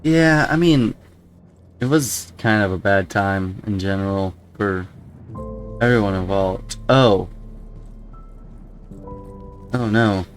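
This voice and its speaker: A man with a lowish voice talks through a video game in a loose, rambling way. He muses aloud and breaks off into startled exclamations. Soft game music plays faintly behind him. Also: takes it slowly, long pauses. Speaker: gameplay commentator. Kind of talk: casual let's-play commentary.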